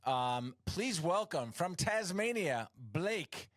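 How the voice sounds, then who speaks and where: A man's voice: sits high, sing-song, slow pace, a bit bright, no room sound. A man hosting a casual comedy interview show, rambling with frequent restarts and self-deprecating jokes. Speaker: host.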